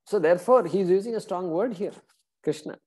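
A scripture teacher in a relaxed class lecture, with a warm, mellow tone at a middle pitch. The talk moves between retelling a story and chanting verses, broken up by fillers like "uh" and "you know". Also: brisk.

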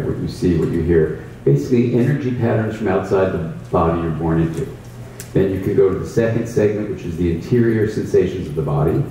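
A man with a low, dark, mellow voice explains a contemplative practice and tells stories from his workshops. His delivery is thoughtful and emphatic. He sits some way from the mic in a very echoey room with faint ambient noise. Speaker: mindfulness teacher. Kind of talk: reflective conversational explanation. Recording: roomy echo, distant mic, faint ambience.

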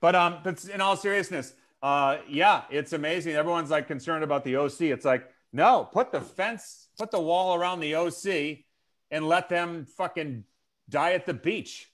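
A man's voice: fairly high pitch, normal speed, a bit bright. A man doing stand-up comedy on a video call, rambling through profane, goofy riffs with lots of swearing.

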